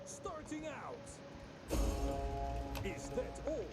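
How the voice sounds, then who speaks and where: An actor voicing a battle-hungry barbarian warrior unit in a strategy game, calling out rough battle cries. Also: male voice, very high-pitched, sing-song, very slow, over loud music, heavily acted. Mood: battle-ready. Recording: noisy game audio, heard from afar.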